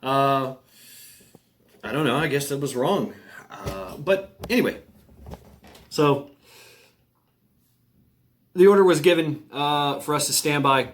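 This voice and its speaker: A middle-aged man telling an army story in a casual, halting way, with many fillers and restarts and frequent chuckles. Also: on the high side, expressive. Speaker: military veteran storyteller. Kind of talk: casual spoken anecdote.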